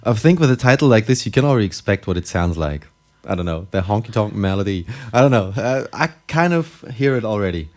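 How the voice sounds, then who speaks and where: A man co-hosting a radio show, chatting casually between records and often repeating and restarting his words. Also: fairly low pitch. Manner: animated, halting, repeats words. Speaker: radio co-host.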